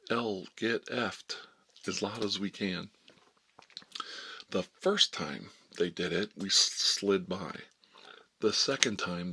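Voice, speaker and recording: A man in his fifties, a life coach telling a story in a soft-spoken ASMR style, drifting between whispers and low murmurs. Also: breathy edge. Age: 50s.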